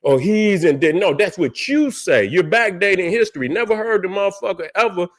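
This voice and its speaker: A man's voice: high voice, animated, a little fast, a bit bright. A man rants on a livestream. He is heated and profane, repeats his points and keeps firing rhetorical questions at his listeners. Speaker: livestream host. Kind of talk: heated casual rant.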